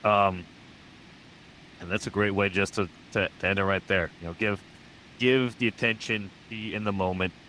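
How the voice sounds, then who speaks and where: Upbeat American podcast host. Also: male voice, fairly low pitch, steady tone, moderate pace, sharp tone, a little hiss or hum. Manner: enthusiastic, upbeat, repeats praise. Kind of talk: casual interview chat.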